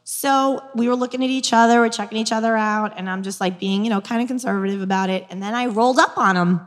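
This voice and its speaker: A woman in her forties with a New York accent, telling a dating story and coaching on manifestation in a lively, frank, laughing way. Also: fairly high pitch, fast talker, big-room sound. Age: 40s. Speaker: guest speaker on dating and manifestation. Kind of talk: casual storytelling, coaching talk.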